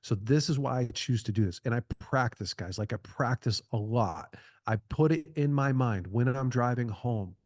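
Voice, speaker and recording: A middle-aged man talks earnestly as a podcast guest, circling back and restarting his phrases as he makes a point. His voice sits at an ordinary pitch. The sound is dry and close, with no room around it. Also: normal speed, a little mellow, no room sound. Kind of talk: conversational advice talk.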